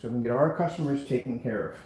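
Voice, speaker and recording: Business owner vlogging, emphatic and repetitive, mid-pitch man, roomy echo. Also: quick pace, darkish tone. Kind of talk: casual vlog demonstration.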